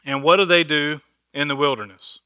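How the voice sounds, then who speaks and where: A man leads an informal Bible study in a church meeting room, his voice very bright and forceful and close with almost no room sound. He talks in a chatty, animated way and plays out quoted lines with humor. He keeps checking in with his listeners as he goes. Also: on the high side, moderate pace, clear, resonant tone, no room sound. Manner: acts out quoted speech with humor.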